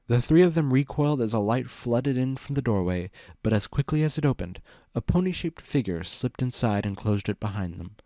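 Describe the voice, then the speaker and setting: A man narrates a fan fiction story in an even storytelling voice of middle pitch. The recording is close and dry, with no room sound. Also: a little fast, dry recording. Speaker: reader.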